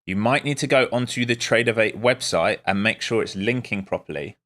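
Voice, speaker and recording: A man's voice: on the low side, brisk, a bit bright. A man streaming live as a day trader, giving casual, wry commentary with muttered asides to his viewers.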